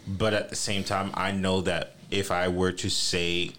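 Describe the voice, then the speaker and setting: A man with Caribbean roots from the East Coast, chatting casually on a podcast, telling funny stories and mimicking people in sudden high voices. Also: a little slow. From Caribbean roots, raised on the US East Coast. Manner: animated, laughing storyteller who jumps into high mimic voices. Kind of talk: casual chat.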